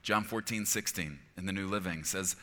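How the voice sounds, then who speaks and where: A middle-aged man preaching to his church, his voice very deep yet bright and forceful. He talks earnestly and conversationally, pausing to ask his listeners if they follow. The sound carries a long reverb from a large hall. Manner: earnest, conversational preaching with frequent "okay?" check-ins. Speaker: pastor. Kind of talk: sermon. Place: church auditorium.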